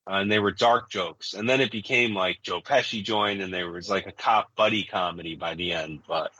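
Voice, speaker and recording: A man in his forties with a fairly low but bright, forward voice, talking in a blunt, profane, rambling way. He chats casually as a podcast co-host. The sound is dry and close, with no room echo. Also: normal speed, breathy edge, highs cut off. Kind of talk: casual chat.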